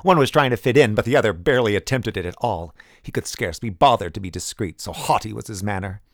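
A man reading an audiobook, voicing a young male servant who speaks in a hurried, stammering way. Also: fairly low pitch, dry recording, clean studio sound, close to an everyday voice. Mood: eager.

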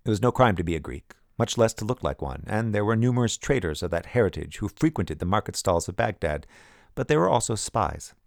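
Low-voiced male audiobook narrator. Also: big pitch swings, a little fast, creaky, no room sound, clean studio sound. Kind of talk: audiobook narration, first person.

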